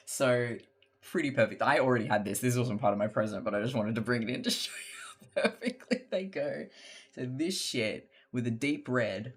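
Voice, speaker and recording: A live streamer crafts while chatting casually with viewers in a medium-pitched voice at normal speed. She's excitable, swears freely and laughs a lot, sometimes trailing off into quiet mutters.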